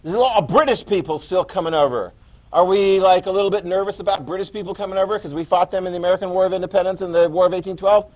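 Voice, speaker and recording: A man teaching a history class, lecturing lively and quizzing his students as he goes. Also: high-pitched, very fast, rough recording. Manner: lively, quizzing students and repeating key words.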